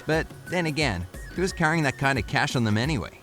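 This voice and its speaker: A man's voice: mid-range voice, expressive, brisk, fairly bright tone, faint music behind. A man narrating a scripted informational video in an upbeat, friendly, evenly paced way.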